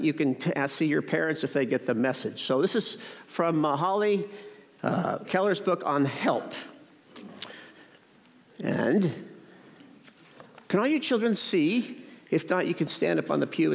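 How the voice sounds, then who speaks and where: Male pastor, animated, higher voice, long church reverb. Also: a little slow, vocal fry, pauses often. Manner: storytelling to children. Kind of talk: sermon. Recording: echoey church hall.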